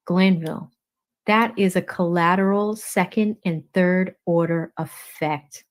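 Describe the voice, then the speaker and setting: A woman's voice: on the low side, fairly even intonation, a little slow. A woman hosting a livestream, reading court transcripts aloud and naming each speaker before their lines.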